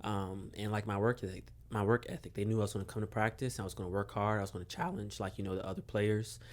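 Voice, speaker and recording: A young man from Maryland, a guest on a podcast, telling a relaxed story with lots of fillers and chuckles. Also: fairly low pitch, fast. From Maryland, USA. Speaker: podcast guest, basketball coach. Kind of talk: casual storytelling interview.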